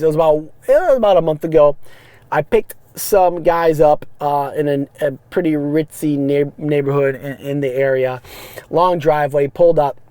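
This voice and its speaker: Brief: man in his thirties, rambling animated podcast storyteller, slightly high voice, dry close sound. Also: clean tone, no room sound. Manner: animated, rambling, frequent restarts and fillers. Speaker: podcast host, rideshare driver. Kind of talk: casual storytelling monologue. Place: parked car.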